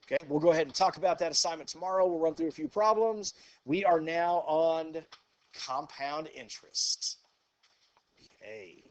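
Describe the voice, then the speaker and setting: A man's voice: on the high side, moderate pace, muffled recording. A man's voice sitting a little above the usual range leads a math lesson in a classroom. He walks the students through each step in an easygoing way, filling the gaps with "okay" and "go ahead." He often stops to put a question to the class. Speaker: math teacher. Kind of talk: classroom lecture.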